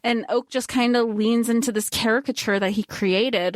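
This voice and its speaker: A woman co-hosting a casual book podcast, excitedly retelling scenes and quoting the characters. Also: a little high, moderate pace, few pauses, dry recording, clean studio sound. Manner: excitable, jumps in to retell scenes with quoted lines. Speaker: podcast co-host.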